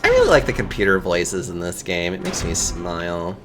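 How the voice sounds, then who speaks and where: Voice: low voice, big pitch swings, moderate pace, over music. A game streamer chatting casually while playing, swearing freely and laughing often. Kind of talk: casual live-stream chat.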